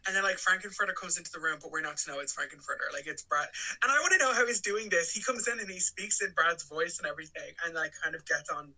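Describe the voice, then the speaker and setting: A man's voice: a little high, lively intonation, fast, few pauses, bright, forceful tone, low-quality recording. A man co-hosting a podcast, rambling casually about a film with plenty of fillers and laughs. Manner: rambling, lots of "like", laughs often. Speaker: podcast co-host.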